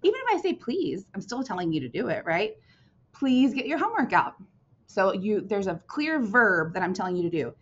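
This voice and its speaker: A woman's voice: medium pitch, brisk, hardly any pauses. A woman teacher giving a recorded lesson to young children, checking in with "right?" and "okay?" after each point. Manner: animated, sing-song teacher voice with frequent "right?" and "okay?" checks. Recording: dull lo-fi recording.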